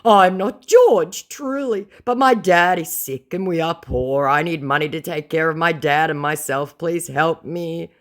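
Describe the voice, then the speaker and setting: A woman's voice: low voice, expressive, unhurried, hardly any pauses, voice pushed up. A woman voicing a begging young male scammer who keeps pleading for help and calling her ma'am. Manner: pleading, repeatedly saying ma'am.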